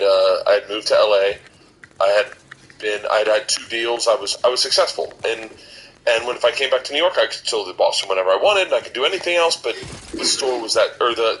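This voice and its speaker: Man, 40s, podcast co-host; rambling storyteller with a lowish voice, faint hiss behind. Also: low-quality recording. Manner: rambling, restarts often, animated when quoting others. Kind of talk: casual storytelling chat.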